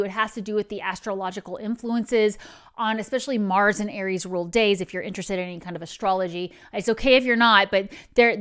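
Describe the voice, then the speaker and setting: A woman's voice: medium pitch, clean tone. A woman hosting a spiritual advice channel, talking in an earnest, meandering way that drifts into digressions.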